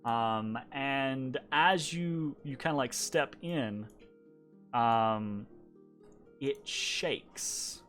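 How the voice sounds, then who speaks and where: A man narrating a tabletop game as game master, halting and full of ums and fillers. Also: medium pitch, fairly bright tone, soft background music. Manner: halting, lots of ums and kinda-likes.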